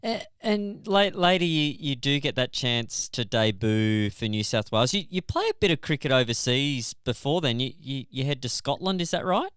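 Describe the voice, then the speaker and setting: A man's voice: medium pitch, animated, moderate pace, few pauses, a bit bright, clear, resonant tone, no echo, clean studio sound. A man hosting a podcast interview, asking questions with stammered repeats. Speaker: podcast host.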